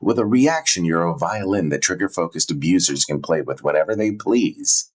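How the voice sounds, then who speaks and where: A man's voice: deep voice, animated, moderate pace, poor audio. A man giving scripted self-help narration in an earnest, emphatic manner.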